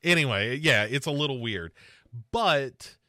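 A man hosting a casual movie podcast, his voice bright and forward. He rambles and restarts, padding his talk with fillers. The sound is dry and close, with no room around it. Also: mid-range voice, animated, measured pace, no room sound. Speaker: podcast host.

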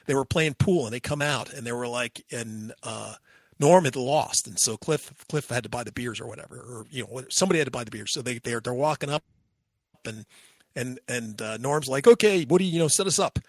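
A man hosting a podcast in casual chat, retelling stories in an animated way and acting out bits of voices. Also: mid-range voice, brisk, dry recording, studio quality. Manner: animated storyteller, acts out voices. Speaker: podcast host.

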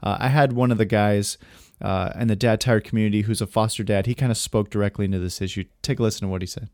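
A man's voice: on the low side, fairly even intonation, fast, darkish tone, no echo, clean studio sound. A man hosting a podcast, telling a heartfelt personal story in an earnest, casual way with many fillers. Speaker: podcast host.

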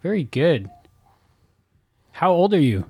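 A woman's voice: sits low, very animated, slow pace, darkish tone, husky, no room sound. A woman hosting a casual home podcast, patiently coaxing a toddler to say words. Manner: patient, encouraging, repeats simple questions. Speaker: podcast host.

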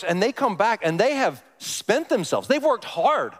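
A man's voice: high-pitched, big pitch swings, measured pace, few pauses, fairly bright tone. A male pastor giving a conversational sermon, often putting questions to the congregation. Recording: long hall reverb.

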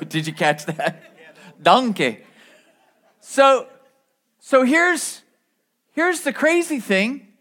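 Male pastor, higher-pitched voice, casual sermon with asides and restarts. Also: very animated, slow, long pauses, bright, forceful tone. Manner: conversational preaching with asides and repeated restarts.

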